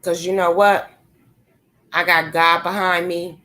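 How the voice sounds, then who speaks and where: This vlogger's voice is fairly low, sharp and a little slow, with little pitch movement. Indoors at her computer, she rants angrily and profanely into the microphone, confronting the camera head-on.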